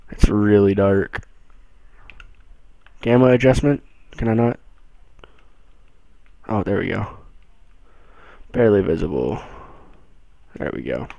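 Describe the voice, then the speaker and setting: A young man giving casual commentary on a horror game, excitable and jumpy, moving between low mutters and sudden yells. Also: measured pace, gravelly, pauses often, dry recording, poor audio. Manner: jumpy, excitable, swings from mumbling to yelling. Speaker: gameplay streamer.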